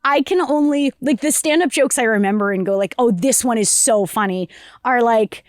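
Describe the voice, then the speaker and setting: A woman's voice: on the high side, normal speed, no echo, studio quality. A young woman co-hosting a podcast, chatting casually with rambling fillers and swearing. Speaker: podcast co-host.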